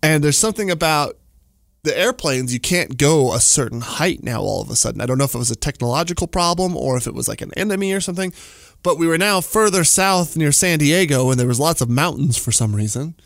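40ish guy rambling through a story, lots of likes and laughs, kinda high voice, dry studio mic. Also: lively intonation, brisk, creaky, fairly bright tone, dry recording. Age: 40s. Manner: rambling, full of "like" and chuckles. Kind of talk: casual storytelling monologue.

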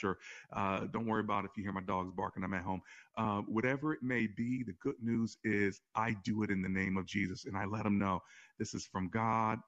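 A man who is a pastor, hosting a call-in faith talk show and telling stories in an animated way, his voice often jumping higher. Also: dull audio. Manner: animated storytelling with sudden rises in pitch. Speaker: pastor and radio show host.

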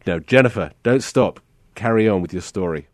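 A male pastor hosting a podcast interview, gently reflective and quick to laugh. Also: fairly low pitch, no echo, studio quality.

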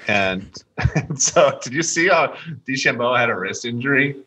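A man's voice: medium pitch, animated, moderate pace, bright, forceful tone, breathy edge. A man co-hosting a podcast, chatting casually about golf with a rambling, restart-heavy way of talking. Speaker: podcast co-host. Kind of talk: casual sports chat.

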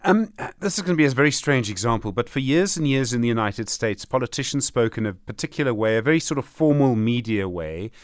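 A man hosting a radio talk show from a studio, asking long framing questions at a measured pace. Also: mid-range voice, expressive, no room sound. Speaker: radio host.

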